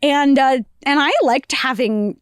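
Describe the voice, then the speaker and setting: A woman's voice: high-pitched, a little slow, no room sound, clean studio sound. A young woman co-hosting a podcast, chatting casually with rambling fillers and swearing. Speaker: podcast co-host.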